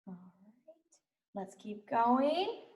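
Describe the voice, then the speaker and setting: Slow, high-voiced teacher in an echoey room. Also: female voice, very animated. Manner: slow, sounds out letters and words, encouraging. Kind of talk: recorded reading lesson for young children.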